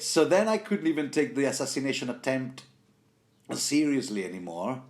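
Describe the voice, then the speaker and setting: A man's voice: mid-range voice, very animated, normal speed. A man hosting a rambling, casual book commentary, full of self-corrections and jokey asides.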